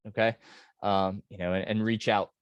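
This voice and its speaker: A man's voice: lowish voice, level tone, clean tone, no room sound, lo-fi sound. Guy running a race, chatty podcast talk, lots of ums and restarts, dry close sound. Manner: halting, many fillers and restarts; earnest and grateful. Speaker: race director.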